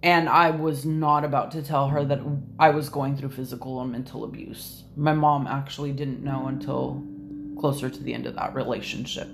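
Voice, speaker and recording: A woman's voice: rumbling low, steady tone, normal speed, creaky, noisy background. A woman guest on a podcast telling a personal story candidly, hesitant and restarting often. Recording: soft music behind.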